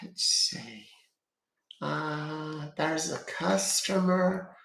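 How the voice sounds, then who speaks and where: Guy doing a little old lady voice, slow and bright, kinda echoey. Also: on the high side, lively intonation, vocal fry, voice pushed up, full character voice. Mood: puzzled.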